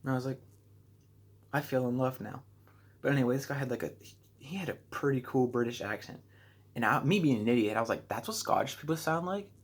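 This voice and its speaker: A man's voice: fairly even intonation, quick pace, long pauses. A teenage boy from the United States telling a travel story in a casual vlog. He rambles, fills his talk with "like" and pokes fun at himself. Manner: rambling, self-deprecating, heavy use of "like"; acts out his own reactions in a higher voice. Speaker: vlogger.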